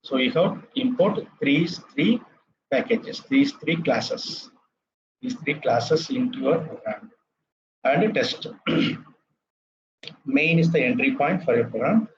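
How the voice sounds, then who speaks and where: A man's voice: medium pitch, lively intonation, takes it slowly. Indian man teaching code, muffled line. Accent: Indian English. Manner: repeats terms, asks "right?" after each step. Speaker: lecturer. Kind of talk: live coding lecture.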